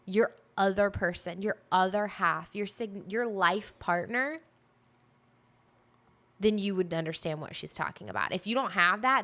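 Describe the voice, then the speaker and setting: Bright emphatic woman podcaster. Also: mid-range voice, moderate pace. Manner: emphatic, piles up lists of phrases. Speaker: podcast co-host. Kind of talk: casual chat.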